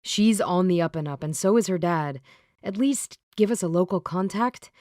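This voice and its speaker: A woman voicing a calm, reassuring young man who helps a friend. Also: lowish voice, normal speed, no room sound, studio quality, natural voice.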